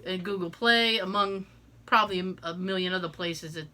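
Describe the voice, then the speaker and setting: A woman's voice: fairly low pitch, a little fast, bright, forceful tone. A woman co-hosting a podcast in casual chat, talking in a rambling way with lots of fillers and restarts. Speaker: podcast co-host.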